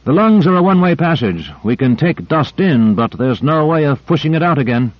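A man doing a calm, explaining male doctor. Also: fairly high pitch, no echo, voice pushed up. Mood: measured. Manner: measured, explanatory. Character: calm, knowledgeable male physician guiding by radio. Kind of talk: audiobook character reading. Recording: dry, slightly dull lo-fi.

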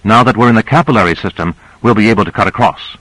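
A man's voice: lowish voice, quick pace, a bit bright, no room sound, rough recording. A man reading a novel aloud, voicing a young female assistant who explains things patiently. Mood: explaining.

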